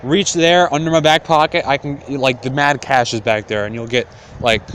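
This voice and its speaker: A man's voice: mid-range voice, fairly even intonation, moderate pace, a bit bright, slight background noise, close to an everyday voice. A man voicing a sly, crude sick old husband, offhand and slangy.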